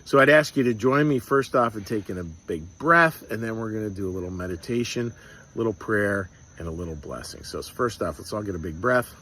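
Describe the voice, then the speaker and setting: A man leading a short devotional talk and guided meditation as a pastor, reflective and unhurried, often restarting his sentences, softening into slow prayer. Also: fairly low pitch, expressive, slight background noise. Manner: soft, slow prayer and blessing.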